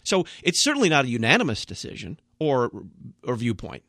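A man's voice: mid-range voice, wildly swooping pitch, brisk, fairly bright tone, dry recording. Male pastor on a talk radio panel, emphatic and blunt, dry studio sound. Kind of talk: radio talk show discussion.

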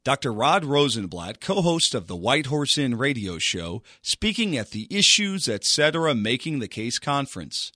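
A man's voice: mid-range voice, sing-song, normal speed, few pauses, bright, forceful tone, no echo, studio quality. A man reading a polished, scripted radio promo as the announcer.

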